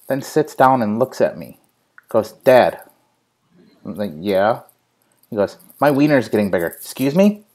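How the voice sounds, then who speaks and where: A man's voice: lowish voice, a little mellow. Laughing, cursing male show host. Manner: profane, laughing storyteller. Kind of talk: casual live-show chat.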